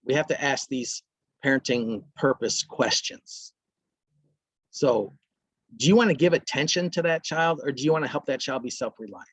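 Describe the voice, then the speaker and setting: A man's voice: mid-range voice, animated, normal speed, fairly bright tone, slightly rough, no room sound. A man presenting a parenting workshop, talking casually and acting out short lines from parents and kids. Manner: conversational, acts out parents and kids in brief quotes.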